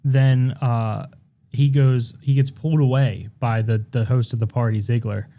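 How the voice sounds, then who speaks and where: Dude on a podcast cracking jokes, doing bad accents, mellow low-key voice. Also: male voice, steady tone, normal speed. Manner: riffing, slips in and out of silly accents. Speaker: podcast co-host. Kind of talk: casual comedic chat.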